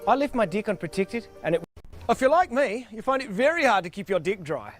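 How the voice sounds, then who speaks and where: Here is a man playing a straight-faced pitchman with a New Zealand accent, selling deck sealant in an earnest commercial delivery. His pitch lifts and falls through a lively, animated range. Faint music plays underneath. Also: brisk. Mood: deadpan earnest.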